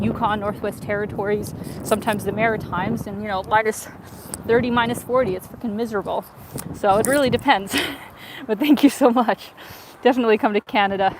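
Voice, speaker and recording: Chatty woman live-streaming a winter walk outdoors. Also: mid-range voice. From Ukraine. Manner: chatty and upbeat, reads viewer messages aloud. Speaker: travel vlogger. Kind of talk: live-stream walking tour with viewer chat. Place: outdoors in a winter city, on a footbridge. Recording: outdoor phone stream with clear street noise. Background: street ambience, passers-by, accordion player.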